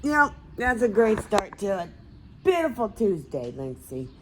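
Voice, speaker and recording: A woman's voice: mid-range voice, sing-song, a little slow, background noise. Groggy, rambling woman vlogger. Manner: rambling, groggy self-talk. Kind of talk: casual vlog chat.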